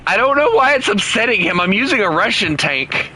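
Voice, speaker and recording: A man's voice: sits high, big pitch swings, a little fast, bright, forceful tone, slight background noise, pitched above the performer's own voice, exaggerated voice. A man putting on a jokey, exaggerated Australian accent as a cheeky bloke while chatting with friends during gameplay. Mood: joking. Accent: put-on Australian. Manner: jokey, teasing, sprinkles "crikey" and "mate".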